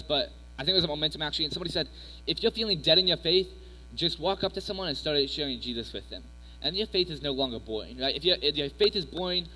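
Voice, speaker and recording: A young man with a bright, slightly high voice gives a youth sermon full of personal stories. His manner is casual and rambling, heavy on fillers. The recording comes from an echoey hall with mains hum.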